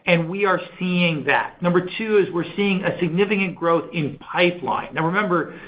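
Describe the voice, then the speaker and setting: A man's voice: high-pitched, moderate pace, lo-fi sound. A man, a company executive, answering analyst questions on an earnings call in an enthusiastic, conversational way with many fillers.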